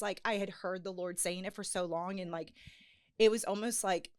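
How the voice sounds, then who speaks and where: A woman sharing a personal faith testimony on a podcast, earnest and animated, with many fillers. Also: mid-range voice, fast talker. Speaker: podcast guest. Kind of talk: personal testimony in casual chat.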